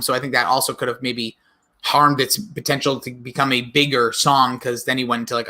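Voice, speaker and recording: A man co-hosting a podcast, rambling and chatty in casual conversation, quick to laugh. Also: medium pitch, pushed and bright. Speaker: podcast co-host. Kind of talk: casual chat.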